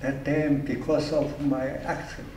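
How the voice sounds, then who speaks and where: Casting: elderly man, 90s, earnest, unhurried, distant from the mic in an echoey hall. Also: mid-range voice, little pitch movement, darkish tone, slight background noise. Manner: slow, earnest encouragement. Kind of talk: onstage interview answers.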